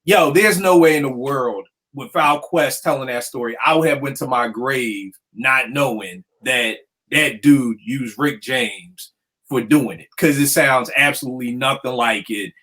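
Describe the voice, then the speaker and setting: A man hosting a casual talk about hip hop beats, a producer telling stories in lively slang. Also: medium pitch, measured pace. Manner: animated storytelling with slang. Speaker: podcast host. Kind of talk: casual chat.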